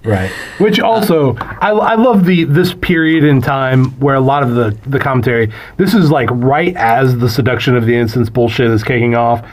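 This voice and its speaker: A man's voice: medium pitch, normal speed, hardly any pauses. A man co-hosting a film podcast, chiming in with wry, sarcastic asides in casual chat. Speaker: podcast co-host.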